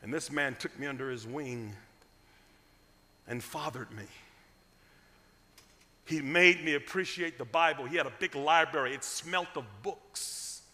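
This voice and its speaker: A man from Cleveland preaching a storytelling sermon, with humor and dramatic swings from loud to hushed. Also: a little high, measured pace, long pauses. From Cleveland, USA. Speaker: guest preacher. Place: church sanctuary. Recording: long reverb of a church sanctuary.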